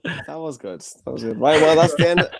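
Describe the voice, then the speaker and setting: A man's voice: on the high side, fairly quick, creaky, slightly rough. A man hosting an online comedy show, teasing and joking with the comics. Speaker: host and MC. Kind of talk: casual comedy show banter.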